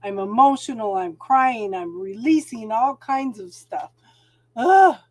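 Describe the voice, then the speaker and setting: A woman's voice: mid-range voice, a little slow. A middle-aged woman hosting a casual spiritual talk stream, chatting sympathetically with viewers and calling them hun.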